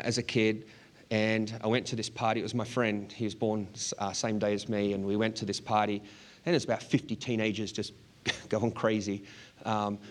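A middle-aged man preaching a sermon, telling a personal story earnestly and laughing often as he goes. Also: lowish voice. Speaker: pastor.

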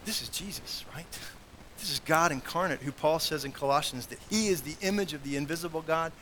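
A man preaching a sermon in an earnest manner, growing loud on key points and dropping to quiet asides. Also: a little high, brisk, a little hiss or hum, poor audio. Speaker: pastor.

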